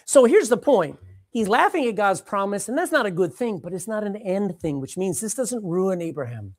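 A woman preaching a sermon, dramatic and animated, repeating phrases for emphasis and swinging between loud and hushed. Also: mid-range voice, normal speed, dry recording.

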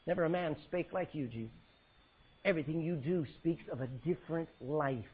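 A male pastor preaching a sermon, swinging between loud cries and hushed words as he quotes scripture in old-fashioned style. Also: on the high side, brisk, breathy edge, narrow, tinny audio.

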